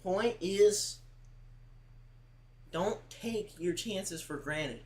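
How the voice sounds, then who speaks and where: A man's voice: high-pitched, extremely slow, rough recording. A man talking casually to his livestream chat, rambling with lots of "like" and repeated words, earnest and close to tears at times. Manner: rambling, heavy use of "like", repeats himself.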